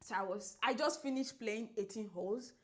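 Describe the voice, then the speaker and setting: A woman co-hosting a podcast who tells a story in casual chat, acting out the quoted lines and laughing often. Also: normal speed. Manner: animated, acts out quoted dialogue with big pitch jumps; laughs often while telling. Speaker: podcast co-host.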